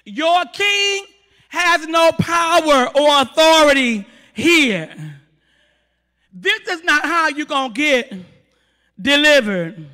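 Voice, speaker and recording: A man's voice: extremely high pitch, expressive, slow, long pauses, sharp tone, big-room sound, heavily acted. A man voicing a stern old king who firmly scolds a visitor. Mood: scolding. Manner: firm, scolding. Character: stern ancient king, man, refusing a bribe.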